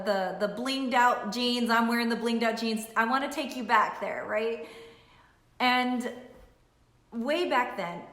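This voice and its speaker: A middle-aged woman, a nutritionist, telling an emotional personal story to camera in an animated way, repeating phrases for emphasis. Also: on the high side. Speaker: nutritionist and weight-loss coach. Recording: echoey room.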